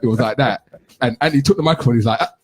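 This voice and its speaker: A middle-aged man hosting a radio chat, telling lively anecdotes and acting out what people said. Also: mid-range voice, rapid-fire. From London. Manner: animated anecdote telling, acts out quotes. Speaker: radio show host. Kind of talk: casual storytelling chat.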